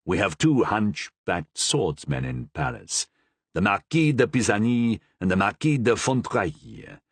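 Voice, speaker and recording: A man voicing a shrewd, guarded older male cardinal in a storybook reading, speaking slowly and probingly. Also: on the low side, lively intonation, breathy edge, dry recording, heavily acted. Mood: measured.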